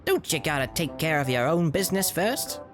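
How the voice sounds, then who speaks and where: A man voicing a friendly, scrappy male Mogma treasure hunter from a video game, streetwise and chummy, reading the dialogue aloud with a lively lilt. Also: a little high, normal speed, music in the background, pitched above the performer's own voice, lightly acted. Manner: chummy, streetwise, calls everyone pal.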